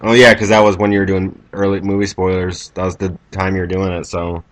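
A man co-hosting a casual movie podcast with a very low voice. He chimes in with short, dry, teasing remarks. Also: flat delivery, fairly quick. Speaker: podcast co-host.

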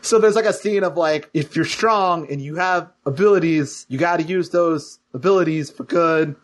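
A man in relaxed, joking podcast conversation, talking loosely with lots of fillers. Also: fairly high pitch, normal speed. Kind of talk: casual chat.

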